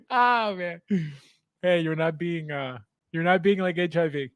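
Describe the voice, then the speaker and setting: A man's voice: fairly high pitch, takes it slowly, no echo, clean studio sound. A man hosting a casual livestream from his home basement, greeting viewers by name, reading chat aloud and laughing often. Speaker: livestream host.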